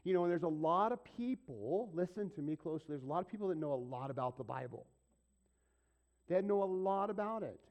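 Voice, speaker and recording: A middle-aged pastor gives a chatty sermon in a high-pitched, expressive voice, speaking a bit fast over lo-fi audio. Along the way he quizzes the congregation and performs little asides.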